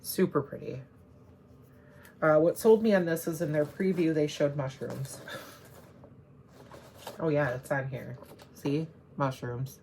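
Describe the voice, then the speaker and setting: A woman with a low, gravelly voice talks through her craft supplies in a loose, rambling way, often stopping to correct herself. A faint hiss sits under her voice on a close camera mic at home. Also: slow pace, long pauses, a little mellow. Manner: chatty, rambling, self-correcting. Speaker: cross-stitch vlogger. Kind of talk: casual show-and-tell chat.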